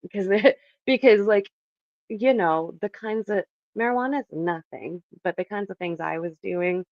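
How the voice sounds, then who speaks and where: A woman's voice: mid-range voice, moderate pace, no echo, muffled recording. A young woman from Canada chatting casually and animatedly with her livestream viewers from her bedroom, laughing often. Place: home bedroom.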